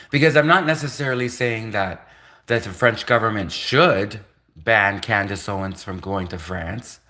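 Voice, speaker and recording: A man's voice: medium pitch, pushed and bright. A man hosting a livestream, rambling in sarcastic commentary full of rhetorical questions. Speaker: livestream host.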